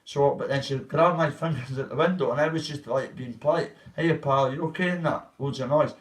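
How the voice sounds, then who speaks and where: A man's voice: mid-range voice, fairly quick. Rambling, swearing man. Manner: rambling, profane, acts out quoted voices. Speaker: vlogger. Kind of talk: casual storytelling on a livestream. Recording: voice a bit far from the mic.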